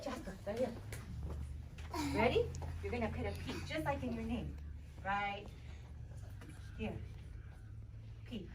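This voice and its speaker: A young woman teaching kindergarten, upbeat and encouraging, sounding out letters slowly for the children. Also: fairly high pitch, lively intonation. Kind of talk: interactive classroom teaching. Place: kindergarten classroom. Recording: distant, noisy classroom recording.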